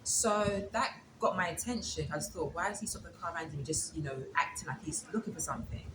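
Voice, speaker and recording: In a low, animated voice and at a fairly quick clip, this woman guest tells a story casually in an interview, performing the dialogue as she recounts what happened. The room sounds echoey, with noise behind her.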